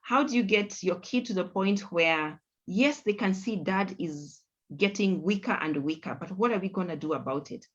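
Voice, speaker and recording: A woman's voice: medium pitch, normal speed, hardly any pauses. A middle-aged woman hosts a conversational panel discussion, speaking in an earnest, reflective way and repeating points for emphasis. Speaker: host. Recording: dull lo-fi audio.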